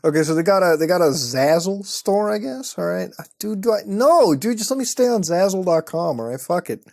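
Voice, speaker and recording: Dude hosting a browsing video, swears a lot, laughs a lot, voice jumps all over. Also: male voice, sits high, brisk, creaky. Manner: excitable, profane, laughs often. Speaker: online video host. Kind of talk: screen-browsing commentary.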